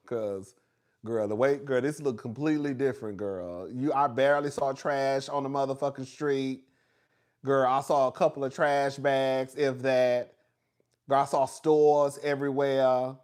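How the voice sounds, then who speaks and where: A man's voice: mid-range voice, moderate pace, a little mellow, smooth. A man hosting a casual chat with viewers in a gossipy, chatty way, calling everyone "girl" and laughing often. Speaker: host.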